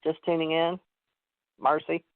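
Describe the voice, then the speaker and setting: A man's voice: fairly high pitch, completely flat delivery, unhurried, no room sound. A man hosting a call-in radio show, talking in a rambling way with many fillers and restarts. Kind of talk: casual call-in chat. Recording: tinny phone line.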